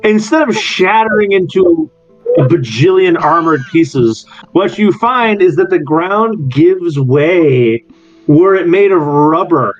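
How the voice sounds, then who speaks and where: A man narrates a tabletop game as its game master, breaking into laughs along the way. His voice sits a little high. It comes through a dull, lo-fi mic with faint music behind. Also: animated, slow. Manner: laughs often while narrating. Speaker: dungeon master.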